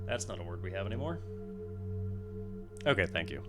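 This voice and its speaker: A man streaming, who reads a solo tabletop adventure aloud and breaks off for relaxed, chatty asides with the odd curse word, on a condenser mic. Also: on the low side, brisk, long pauses, music in the background. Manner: relaxed, chatty, drops curse words between read passages.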